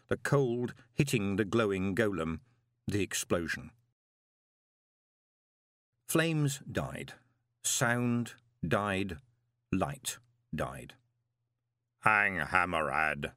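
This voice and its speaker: A man narrates a novel in a low voice with lively, swooping intonation. His reading is dramatic and expressive, lingering on pauses for effect. The recording is dry and close, like a small studio booth. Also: no echo. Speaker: audiobook narrator. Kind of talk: scripted narration.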